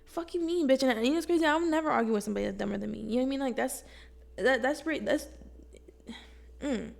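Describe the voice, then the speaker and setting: A young woman vlogging from home, giving casual self-help talk to camera in a blunt, slangy, profane and animated way. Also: fairly high pitch, fast talker, vocal fry.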